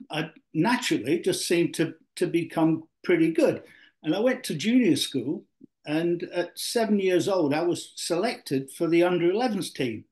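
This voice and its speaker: Older Yorkshire man, slightly high voice, a rambling interview guest with lots of fillers and restarts. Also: a little mellow. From Yorkshire, England. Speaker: guest, former footballer. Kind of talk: relaxed storytelling interview.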